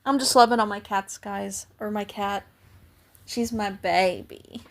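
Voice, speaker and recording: A woman's voice: medium pitch, fairly even intonation, slow pace, gravelly. A young adult woman hosting a casual livestream, chatting and thanking viewers by name, her voice cracking now and then. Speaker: livestream host.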